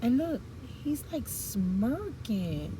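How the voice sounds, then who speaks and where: A woman's voice: on the high side, sing-song, very slow, dark tone, a little hiss or hum, poor audio. A woman giving a casual tarot reading, chatty and blunt, with frank slang and the odd swear. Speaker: tarot reader.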